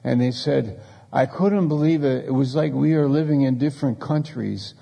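Gravelly-voiced male preacher in a reverberant hall. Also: medium pitch, moderate pace, mellow. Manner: storytelling, conversational preaching with acted quotes. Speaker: pastor. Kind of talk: sermon.

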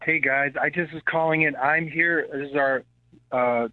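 A man's voice: fairly high pitch, fairly even intonation, moderate pace, dry recording. A male pastor calling in to a radio show to share a testimony, friendly and chatty. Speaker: caller, missionary pastor. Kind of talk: phone call-in. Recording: dull phone line.

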